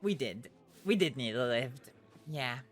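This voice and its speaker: A man voicing a soft-spoken, polite young woman with a slight foreign twang in a western roleplay, laughing softly. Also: mid-range voice, animated, unhurried, soft background music. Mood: friendly. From Ferrier.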